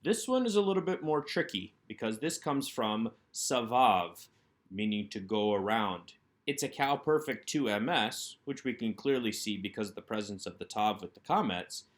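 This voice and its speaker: Man, instructor, fairly low voice, methodical, asks then answers, recorded lesson. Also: expressive, moderate pace. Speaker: Hebrew instructor. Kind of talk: recorded workbook lecture.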